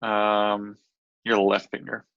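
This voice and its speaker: Gravelly slow-talking male co-host. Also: on the low side, flat delivery, a bit bright, lo-fi sound. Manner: brief hesitant answers with fillers. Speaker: podcast co-host. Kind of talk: casual chat over video call.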